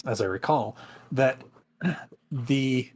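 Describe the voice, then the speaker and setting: A man's voice: medium pitch, very slow, darkish tone, husky. A man co-hosting a podcast in casual chat, talking in a rambling, hesitant way. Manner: rambling, hesitant, many restarts. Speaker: podcast co-host.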